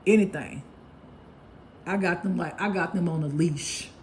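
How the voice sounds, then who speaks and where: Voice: mid-range voice, fairly even intonation, moderate pace, slight background noise. An intuitive tarot reader giving a casual spiritual reading monologue, blunt and profane, laughing often as they act out gossip.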